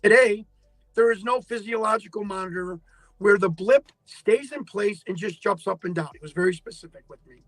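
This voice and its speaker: A man telling an excitable story as an interview guest, stumbling over restarts and acting out his phone calls. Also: high-pitched, normal speed, no room sound, low-quality recording. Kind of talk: animated storytelling in a podcast interview.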